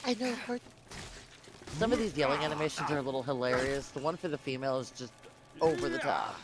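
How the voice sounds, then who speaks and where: A man co-hosting a gaming podcast, chatting casually and upbeat, quick to laugh. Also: medium pitch, expressive. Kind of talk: casual chat about a game.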